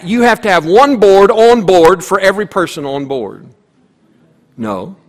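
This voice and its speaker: A man preaching a sermon as pastor, telling a story with voiced characters and emphatic repetition. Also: high voice. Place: church sanctuary. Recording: long reverb of a church hall.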